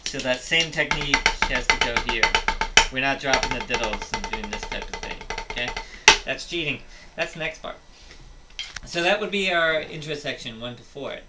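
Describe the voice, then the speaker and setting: A man's voice: mid-range voice, moderate pace. A man teaching a drum lesson, explaining step by step and counting rhythms aloud. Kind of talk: instructional drum tutorial. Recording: loud music and drumming behind. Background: drum playing and music.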